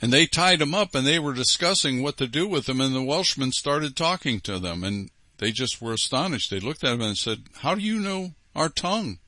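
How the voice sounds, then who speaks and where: A man's voice: medium pitch, lively intonation, fairly quick, hardly any pauses, sharp tone, no echo. A man hosting a program, reading listener letters aloud and commenting on them with emphatic repetition. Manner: emphatic, repeats key phrases.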